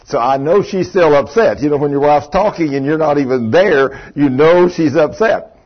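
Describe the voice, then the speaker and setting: An older pastor with a drawl tells a folksy story, pitched a little high with a husky edge to the voice. He chuckles between lines and speaks straight to his congregation. The recording sounds dull and muffled. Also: normal speed. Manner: folksy, chatty, chuckles often, talks to the congregation. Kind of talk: storytelling sermon.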